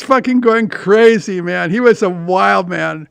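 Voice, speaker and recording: An older man hosts his own podcast, spinning loose, rambling stories full of restarts and the odd curse. His voice sits high and comes across smooth and clear. The recording is dry and close, with no room sound. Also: fairly even intonation, normal speed, few pauses, a bit bright, no room sound. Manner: rambling anecdotes with restarts and profanity. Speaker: podcast host. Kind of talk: casual storytelling monologue.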